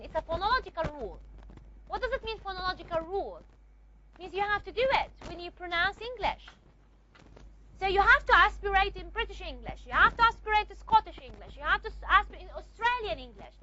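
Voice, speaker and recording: A woman's voice: very high-pitched, lo-fi sound, noisy background. A woman teacher giving a classroom lecture, explaining step by step and often checking with the class.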